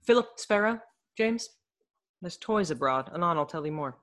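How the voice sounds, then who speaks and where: A woman's voice: fairly low pitch, expressive, moderate pace, natural voice. A woman reading the part of a scheming, mocking young male noble in a Shakespeare scene.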